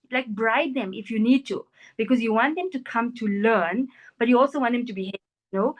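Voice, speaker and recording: Animated woman giving advice. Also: fairly high pitch, brisk, dull audio. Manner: earnest, animated, acts out quoted parents and children. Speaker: NLP practitioner and life coach. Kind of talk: interview answers, advice on parenting.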